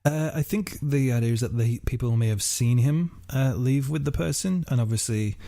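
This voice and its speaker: A man's voice: medium pitch, normal speed, gravelly, dark tone, dry recording, studio quality. A young man hosting a podcast, telling a true-crime case in a casual, swearing way with many fillers. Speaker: podcast host.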